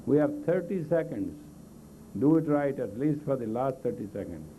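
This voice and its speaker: This meditation teacher speaks at normal speed in a medium-pitched voice with big pitch swings while guiding a live group exercise class. His commands are blunt and coaxing in non-native English, recorded on a tinny 1980s lo-fi tape with slight background noise.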